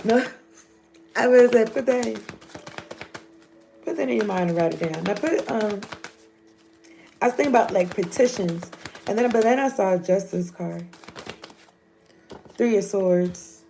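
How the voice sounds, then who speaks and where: A woman's voice: mid-range voice, a little slow, creaky, long pauses, warm tone, a little hiss or hum. A woman, giving a loose, joking, profane tarot reading. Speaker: tarot reader.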